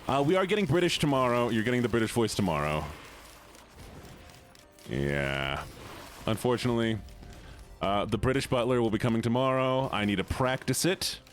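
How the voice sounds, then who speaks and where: A man live-streaming a game, chatting casually with his viewers, greeting them by name and reacting loudly to the game. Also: lowish voice. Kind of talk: casual live-stream chat while gaming.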